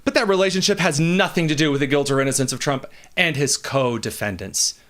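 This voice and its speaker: A man's voice: on the high side, brisk, a bit bright. A man hosting a radio talk show, reading posts aloud and reacting with dry sarcasm in a casual tone. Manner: wry and sarcastic, reads listener tweets aloud. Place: radio studio.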